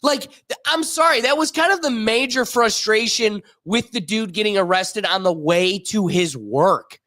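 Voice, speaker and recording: A man's voice: high voice, moderate pace, pushed and bright, no room sound. A man co-hosting a sports podcast in casual chat, emphatic and acting out little scenes. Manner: emphatic, acts out scenarios. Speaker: podcast co-host.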